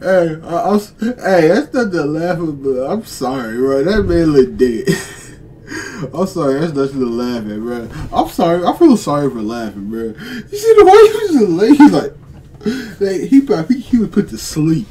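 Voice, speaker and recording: A young man giving casual reaction commentary as a video host, excitable, laughing often and stumbling over his words. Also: a little high, moderate pace, slight background noise.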